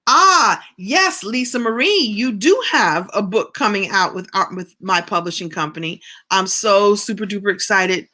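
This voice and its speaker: Her medium-pitched voice has lively intonation and a pushed, bright quality, moving at normal speed with almost no pauses. This middle-aged woman is a business and writing coach, responding to viewer comments on a relaxed live stream in a chatty, encouraging way.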